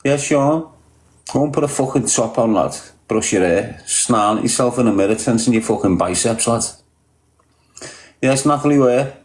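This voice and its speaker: A man's voice: medium pitch, moderate pace, a little mellow, echoey room, poor audio. A man with a Liverpool accent chatting casually on a livestream, greeting viewers and teasing them bluntly with heavy swearing. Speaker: livestreamer reading viewer comments.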